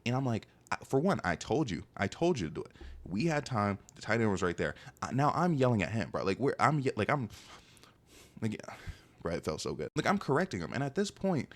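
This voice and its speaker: A young man telling a long story in a casual monologue, animated and exasperated, full of "like" and "bro". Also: lowish voice, brisk.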